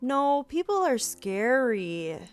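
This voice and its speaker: A woman voicing a timid, whiny young man, a little brother who is meek and easily scared, over soft game music. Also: fairly high pitch, sing-song, takes it slowly, clear, resonant tone.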